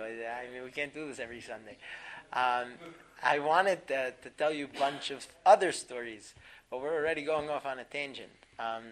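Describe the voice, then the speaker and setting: A man teaching a class through a story, animated, laughing often and filling pauses with "um". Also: medium pitch, slight background noise, low-quality recording. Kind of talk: storytelling lesson.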